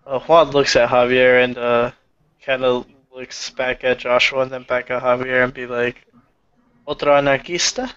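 Man, tabletop player, smooth resonant voice, slow, lo-fi audio. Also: mid-range voice, completely flat delivery, a bit bright. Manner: slow, hesitant narration. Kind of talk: narrating his tabletop character. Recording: dull lo-fi recording.

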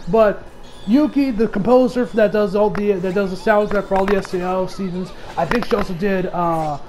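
A man reviewing an anime episode in a casual recap, excitable, swearing freely and laughing often. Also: high voice, background noise.

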